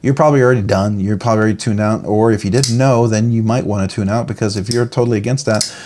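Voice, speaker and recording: A man's voice: lowish voice, fast talker, a little mellow, a little hiss or hum. A man giving a casual, rambling product review of a knife, enthusiastic and full of restarts and fillers.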